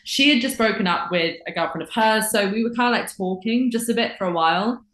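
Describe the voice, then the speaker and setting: A woman's voice: a little high, fast, fairly bright tone. Chatty London woman in echoey room. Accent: London English. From England. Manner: chatty, swears freely, many fillers. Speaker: podcast guest. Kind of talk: casual chat. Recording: roomy echoey sound.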